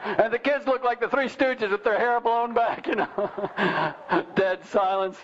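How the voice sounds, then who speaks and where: A man's voice: very high-pitched, unhurried, a little hiss or hum. A man teaching parents in an informal talk, telling family stories with restarts and fillers. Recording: dull lo-fi recording.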